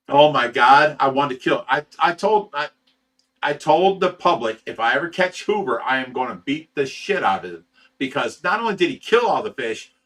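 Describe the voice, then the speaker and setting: A man's voice: fairly high pitch, pushed and bright. A man who runs a fish rescue, telling a story on a livestream in a heated, profane way and stammering over repeated words. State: sleep-deprived.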